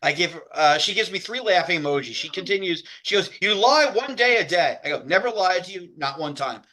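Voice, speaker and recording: A man's voice: sits high, lively intonation, a little fast, bright, forceful tone. A man in casual chat, animatedly retelling a text exchange and acting out both sides. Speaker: co-host. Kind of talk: casual chat, reading out chat messages.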